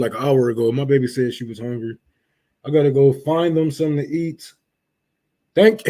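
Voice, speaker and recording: A young man hosting a casual livestream, cursing loudly and laughing as he rants and thanks donors. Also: a little high. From Detroit. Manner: profane, loud, laughing rants. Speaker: livestream host.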